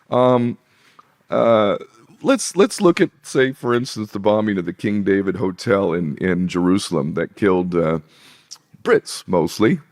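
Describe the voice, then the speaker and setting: A man's voice: low voice, gravelly. A man talking in casual conversation, emphatic and sarcastic, laughing between points. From British Isles. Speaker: podcast guest.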